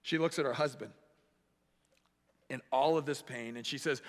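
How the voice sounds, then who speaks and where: A man preaching a sermon as pastor, animated and acting out the voices he quotes. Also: mid-range voice, normal speed, long pauses. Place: church sanctuary. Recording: echoey church hall.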